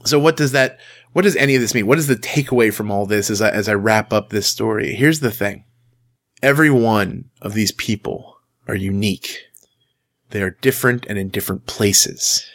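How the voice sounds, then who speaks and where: A Christian speaker, a man with a lowish, slightly bright voice, gives a casual sermon at normal speed. He is conversational and emphatic, acting out the quotes he tells.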